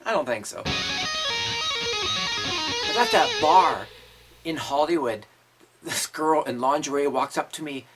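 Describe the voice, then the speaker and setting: Loud music plays behind this man's voice, which is a little high, expressive and somewhat slow, with frequent pauses. He's a Canadian musician in his fifties hosting his own show, spinning crude, swear-heavy stories in a relaxed monologue punctuated by laughter.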